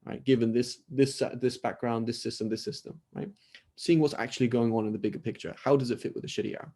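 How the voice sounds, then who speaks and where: Delivering a lecture to a class on a video call, a British-accented Islamic scholar speaks at a quick pace in a medium-pitched, warm, steady voice. He keeps it conversational, often asking "right?" and playing out short exchanges.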